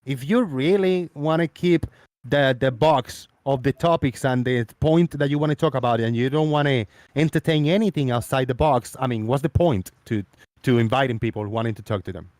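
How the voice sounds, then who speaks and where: A man's voice: mid-range voice, normal speed, a little mellow, no echo, clean studio sound. A man hosting a casual online voice chat, joking, laughing often and stumbling over his words. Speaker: host.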